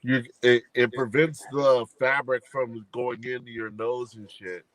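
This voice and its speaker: Male co-host, average pitch, easygoing slangy delivery, choppy internet call. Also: level tone, unhurried, a bit bright, no echo, rough recording. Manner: laid-back slangy talk. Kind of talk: casual chat on a live video call. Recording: choppy bad connection.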